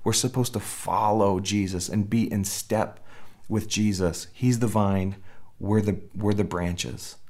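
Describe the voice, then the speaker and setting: A man's voice: lowish voice, fairly even intonation, measured pace, darkish tone. A man preaching a sermon in a conversational way, often restarting phrases and acting out little quotes. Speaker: pastor.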